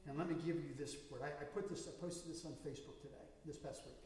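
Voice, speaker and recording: A man's voice: fairly high pitch, fairly even intonation, fast, darkish tone, a little hiss or hum. A man as pastor, preaching a sermon in a church with storytelling that rises to emphatic bursts. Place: church sanctuary. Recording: echoey hall from far off.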